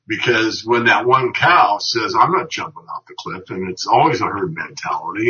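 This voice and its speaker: A middle-aged man talks as a guest in a casual conversation. His voice sits very low and comes across forceful. He rambles earnestly through long analogies, and the audio is dull and lo-fi.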